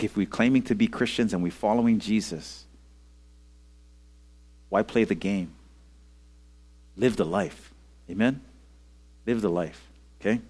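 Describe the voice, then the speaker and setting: A man's voice: fairly low pitch, darkish tone. A male pastor giving a casual, conversational sermon to young people, often asking "okay?" and "amen?" and leading them in call-and-response. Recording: audio-only sermon recording.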